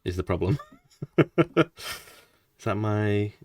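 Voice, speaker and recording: A gaming streamer with a lowish voice gives casual let's-play commentary on his playthrough, speaking very slowly yet animatedly. He is chatty, mumbles asides, and sounds far from the mic.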